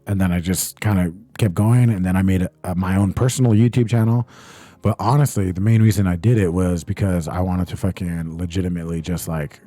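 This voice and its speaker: A man's voice: low-pitched, fairly even intonation, a little fast, dark tone, dry recording, soft background music. A young man hosting a casual livestream, chatting loosely and reading out chat messages, swearing often. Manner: laid-back, loose, swears often, reads chat aloud. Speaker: livestream host. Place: home streaming setup.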